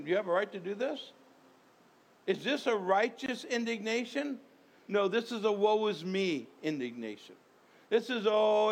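High-voiced man preaching a sermon. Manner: conversational preaching with repetitions and rhetorical questions. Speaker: pastor.

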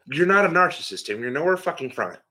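A man with a somewhat high voice co-hosts a casual chat. He talks emphatically and swears in nearly every sentence. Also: very animated, fast, sharp tone, slight background noise.

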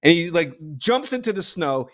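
A man from New Jersey telling a long story as a guest, animated, with frequent restarts and laughter. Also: fairly high pitch, moderate pace. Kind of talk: casual storytelling.

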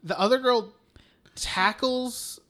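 A man's voice: very high-pitched, slow, sharp tone. A man co-hosting a podcast, casually retelling a film scene by scene, swearing a lot and laughing as he goes. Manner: profane, rambling retelling with frequent laughs. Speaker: podcast co-host.

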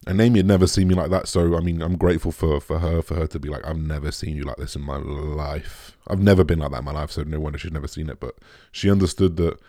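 A young man talking candidly and emotionally to his viewers, halting often, restarting sentences and swearing. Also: extremely low pitch, steady tone, warm tone, no room sound, clean studio sound. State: emotional, shaken. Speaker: vlogger. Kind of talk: candid personal talk to camera.

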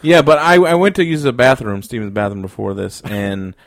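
Laughing, lively man telling crude stories. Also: mid-range voice, brisk, no echo, clean studio sound. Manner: crude, laughing storyteller who acts out quotes. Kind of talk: casual comedic banter.

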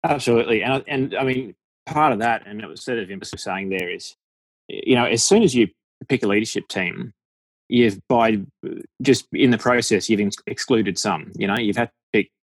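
A man's voice: on the low side, a little fast, husky, dry recording. A man with an Australian accent talking as a deacon guest in a frank, jokey podcast chat, laughing often. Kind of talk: casual podcast conversation.

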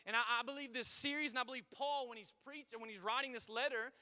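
A man preaching a sermon to his congregation, energetic and full of call-and-response, in a church auditorium. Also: extremely high pitch, fast. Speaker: pastor. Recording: reverberant hall.

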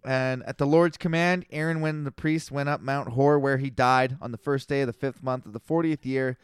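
A man co-hosting a casual podcast, reading scripture aloud in a plain, flat way and stumbling over unfamiliar names. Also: mid-range voice, moderate pace, clear, resonant tone, no room sound, clean studio sound.

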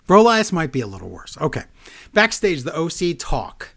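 A man co-hosting a casual wrestling recap, sarcastic and animated, laughing often as he talks. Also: fairly high pitch, unhurried, creaky. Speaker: podcast co-host.

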